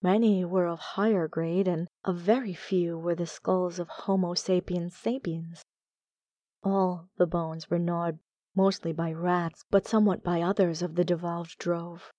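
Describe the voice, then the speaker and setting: A woman narrating a gothic horror tale as an audiobook, in a measured, deliberate reading. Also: lowish voice, fairly even intonation, mellow, dry recording, dull audio.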